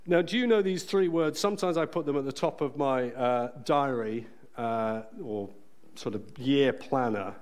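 A man preaching a sermon in a church, earnest and emphatic, slowing down to stress key phrases. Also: medium pitch, darkish tone.

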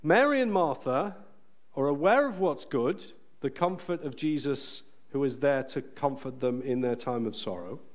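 A man preaching a sermon in a church, earnest and emphatic, slowing down to stress key phrases. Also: mid-range voice, animated.

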